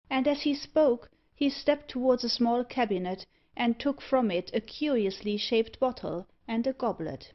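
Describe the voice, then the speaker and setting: A woman narrates a gothic novel in a steady, even reading voice. Her pitch sits in the middle of the range. The recording is slightly dull and lo-fi. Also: a little slow, few pauses. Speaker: audiobook narrator. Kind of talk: scripted narration.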